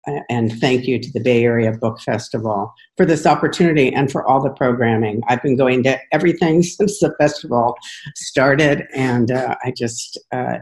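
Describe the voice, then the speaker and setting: A woman in her forties, a writing contest winner, reading her own personal essay aloud in a measured, earnest way. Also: very deep voice, a little mellow.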